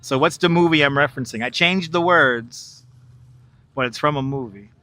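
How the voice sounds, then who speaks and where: A man hosts an outdoor live stream by the river in Manhattan, giving walking commentary while joking, laughing a lot and chatting with viewers. His voice is on the high side, pushed and bright at a moderate pace, picked up dry by a wireless clip-on mic.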